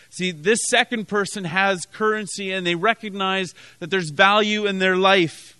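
A man's voice: high-pitched, bright, forceful tone, clean tone, no room sound. A man from Canada preaching a sermon as pastor, telling a story with many restarts and emphatic repetition.

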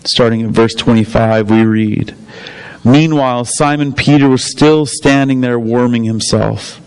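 A man reading a Bible passage aloud, steady and clear. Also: mid-range voice, unhurried, low-quality recording. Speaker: scripture reader.

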